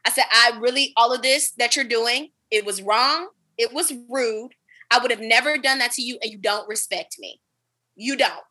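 A woman with a very bright, fairly high voice, spinning a story for her co-hosts. She talks in a lively, profane and dramatic way, with the feel of casual podcast chat. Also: normal speed, husky. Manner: animated, profane, dramatic retelling. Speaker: podcast host.

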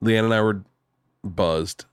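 A man hosting a podcast, telling stories in a loose, animated way and swearing freely. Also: lowish voice, slow, clear, resonant tone, dry recording, clean studio sound. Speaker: podcast host. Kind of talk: casual storytelling chat.

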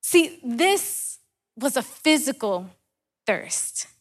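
A woman's voice: sits high, very animated, very slow. A woman preacher delivering a sermon, asking rhetorical questions and repeating key words for emphasis.

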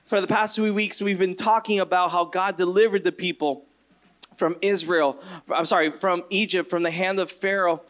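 A man preaching a sermon, retelling scripture and acting out quoted voices with sudden jumps in pitch. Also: a bit bright. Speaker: pastor.

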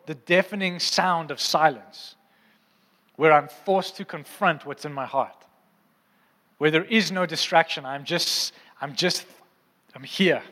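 Male preacher, slightly high voice, conversational sermon, long church reverb. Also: measured pace, pushed and bright. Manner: conversational, asks the crowd often. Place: church hall.

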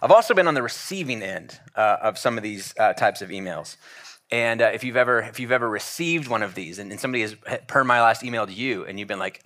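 A male teaching pastor gives a sermon in a loose, conversational way, his bright voice full of ums and restarts. He wanders through his points instead of reading a polished script. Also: mid-range voice, animated, quick pace. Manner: casual, rambling with many fillers and restarts.

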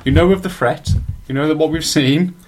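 A man's voice: fairly high pitch, a little fast, background noise. A man in casual chat, chatty and laughing easily.

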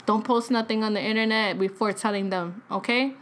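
A woman's voice: mid-range voice, steady tone, a little fast, a bit bright, close to an everyday voice. A woman voicing her blunt, foul-mouthed aunt, who gives her bossy orders. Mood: firm. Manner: cursing, bossy. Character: blunt, brash aunt who swears freely.

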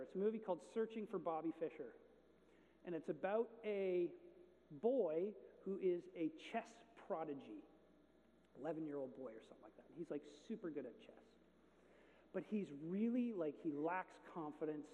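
A male pastor with a high, mellow voice preaches to his congregation, spinning an animated story that swings from hushed to loud. His words ring through a church hall with a long echo, captured on a dull, lo-fi recording. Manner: animated storytelling with big swings in pitch and volume. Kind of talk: sermon. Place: church sanctuary.

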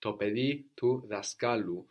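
A man's voice: on the low side, measured pace. A man teaching a language lesson, patiently prompting a student and repeating model phrases.

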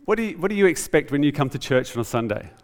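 A man preaching a conversational, animated sermon in a church. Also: on the high side, very fast. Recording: reverberant church hall.

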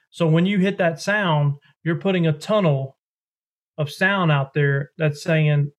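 A man with a drawl talks through technique in a loose, folksy, roundabout way. His voice sits a touch high for a man. It sounds like a relaxed podcast interview. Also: a little slow. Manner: folksy, rambling, hands-on explainer. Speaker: duck call maker, guest.

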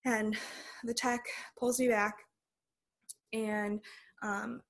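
A woman's voice: fairly high pitch, flat delivery, extremely slow. A young adult woman, a podcast guest, telling a personal story in a casual way with lots of "like" fillers.

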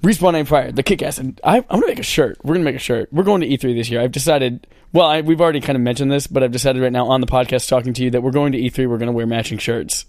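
A man's voice: medium pitch, racing, few pauses, a little mellow, dry recording. Guy cohosting a gaming podcast, voice kinda recovering from being sick, jokey, super dry close mic. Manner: joking, playful. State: recovering from lost voice. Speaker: podcast co-host. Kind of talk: casual gaming podcast chat.

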